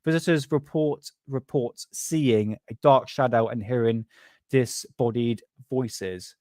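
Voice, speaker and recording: A man's voice: medium pitch, expressive, moderate pace, no echo, studio quality. A man who hosts a paranormal livestream. He rambles casually, laughs often and swears freely.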